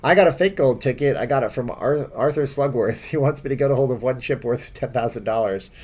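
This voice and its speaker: A man's voice: mid-range voice, fairly quick, darkish tone. Rambling, chuckling male live-stream host. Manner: rambling and chuckling, with many fillers and restarts. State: stuffy from seasonal allergies. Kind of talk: casual live-stream chat reading viewer comments.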